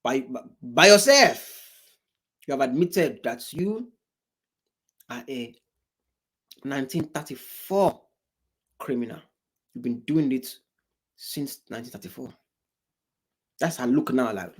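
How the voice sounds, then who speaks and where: This man talks at an ordinary pitch and sounds like a reaction host picking apart a clip. He mocks the people on screen and slips into imitations of them. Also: animated, takes it slowly, pauses often, a bit bright, breathy edge. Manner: mocking, mimics the people he reacts to. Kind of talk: reaction commentary.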